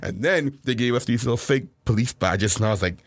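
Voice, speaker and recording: A man co-hosting a podcast, telling stories from his childhood in a loose, animated way and acting out the voices of the people in them. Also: medium pitch, a little fast, slight background noise. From South Florida. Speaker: podcast co-host. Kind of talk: casual storytelling chat.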